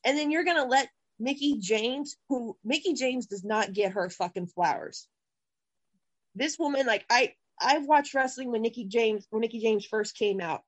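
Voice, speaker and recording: A woman's voice: on the high side, moderate pace, no room sound, rough recording. A woman on a podcast going on a profane, impassioned rant about wrestling. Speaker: podcast co-host.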